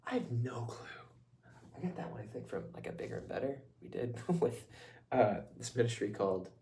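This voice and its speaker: A man's voice: medium pitch, expressive, brisk, mellow. A young man chatting to the camera in a casual vlog, rambling and laughing often, sometimes dropping into a whisper. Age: young adult. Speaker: vlogger.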